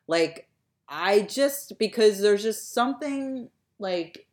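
A young woman co-hosting a casual podcast chat, rambling with lots of fillers and trailing off softly. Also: medium pitch, expressive, slow. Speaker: podcast co-host.

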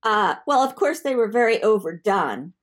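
An older woman chatting as co-host with her son, animated, giggly and emphatic. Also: mid-range voice, normal speed. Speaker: co-host, the host's mother. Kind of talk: casual chat.

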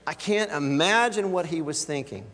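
A man's voice: a little high, moderate pace, fairly bright tone, big-room sound. A man preaching a sermon as pastor, talking in a conversational way and putting scripture into everyday words.

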